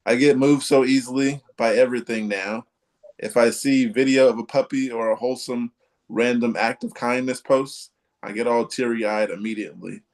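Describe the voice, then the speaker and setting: A man hosting a casual live podcast chat, rambling and hesitant, with many ums and restarts. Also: medium pitch. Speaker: podcast host.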